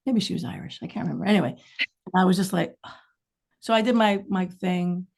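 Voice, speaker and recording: A middle-aged woman chats as a podcast guest, her low voice carrying a gravelly rasp. She rambles through candid stories full of frank, lively asides. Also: moderate pace. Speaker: guest, singer-songwriter. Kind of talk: casual podcast interview chat.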